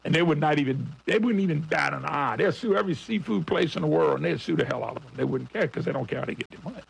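A man's voice: a little high, lively intonation, fast talker, gravelly, a little hiss or hum, rough recording. A middle-aged man hosting a radio talk show, talking in a blunt, folksy and combative way and calling his listeners folks. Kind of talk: opinionated radio monologue.

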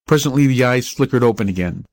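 A man's voice: mid-range voice, animated, quick pace, a little mellow, no room sound. Man reading an audiobook story. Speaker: audiobook reader. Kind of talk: scripted first-person story narration.

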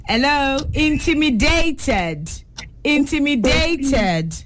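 A young Nigerian woman hosting a call-in spelling quiz, saying each word slowly and clearly. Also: high voice, lively intonation, fairly bright tone, slight background noise. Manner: pronounces quiz words slowly and deliberately. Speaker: radio quiz host.

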